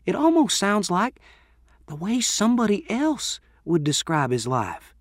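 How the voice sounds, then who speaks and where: A man voicing a teenage girl in a storybook reading, soft and puzzled. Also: high-pitched, huge pitch swings, unhurried, dry recording, studio quality, voice pushed up, full character voice. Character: teenage girl with a thick Southern accent.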